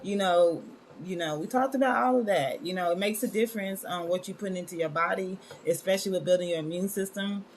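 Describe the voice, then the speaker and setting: A woman's voice: lowish voice, fairly quick, a little hiss or hum. A woman hosting a wellness live stream in casual chat, scattered and talkative, calling her viewers y'all. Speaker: wellness show host.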